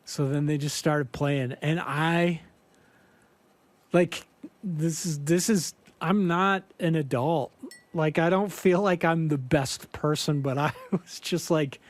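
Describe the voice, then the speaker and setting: A man's voice: on the high side, slow, no room sound. A man who hosts a podcast and sings in a band, telling a story casually and acting out the quotes with lots of fillers. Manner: animated, acts out quotes, many fillers. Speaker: podcast host and band singer.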